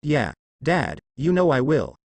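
A man's voice: fairly high pitch, big pitch swings, unhurried, darkish tone, heavily acted. A man voicing a troubled grown older brother who keeps asking anxious questions. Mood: uneasy.

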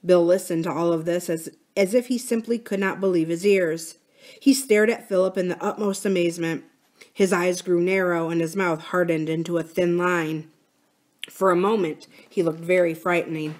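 A woman from a library reading a children's novel aloud in a measured, expressive way. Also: fairly low pitch. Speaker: library story reader.

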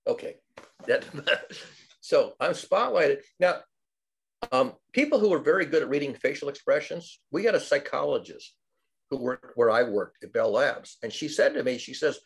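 An older man in a casual group discussion, telling wry stories in a lively, animated way. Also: mid-range voice, normal speed, vocal fry. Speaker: study group participant.

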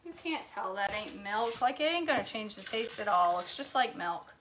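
Soft music plays behind a middle-aged woman cooking at home for her vlog. She speaks at a medium pitch and moderate pace, expressive and a bit bright, reading comments, telling stories and often laughing.

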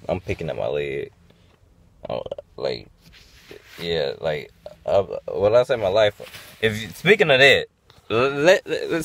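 A man venting in a rambling, profane monologue to his viewers, full of fillers and restarts. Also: fairly low pitch. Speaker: vlogger.

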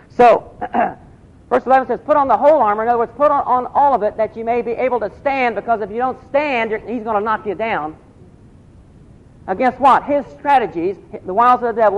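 A man preaching a sermon, asking the congregation questions and repeating key phrases. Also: very high voice. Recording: dull lo-fi recording.

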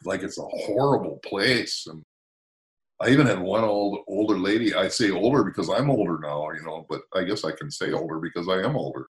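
An American motivational speaker in his sixties talks fairly quickly in a low voice. He tells stories in a casual conversation, animatedly acting out the quoted dialogue.

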